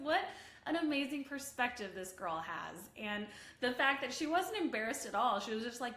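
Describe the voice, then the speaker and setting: Woman, live-stream coach, upbeat and animated, talks straight to viewers, echoey room sound. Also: fairly high pitch, normal speed. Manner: bubbly, animated, chatty, reads viewer comments aloud. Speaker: online visibility coach. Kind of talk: Facebook Live coaching session. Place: home office room.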